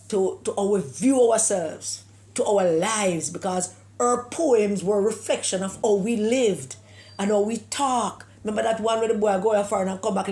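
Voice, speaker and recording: A woman's voice: mid-range voice, darkish tone. A Jamaican woman from Jamaica giving an emphatic political opinion monologue, with scornful rhetorical questions and slips into patois. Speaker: political commentator.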